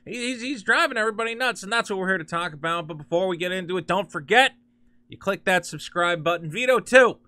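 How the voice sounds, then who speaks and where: Male commentary host, sarcastic and animated, dry close sound. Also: sits high, quick pace, dry recording. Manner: sarcastic, animated, mocking quoted voices. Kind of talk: ranting commentary with screen share.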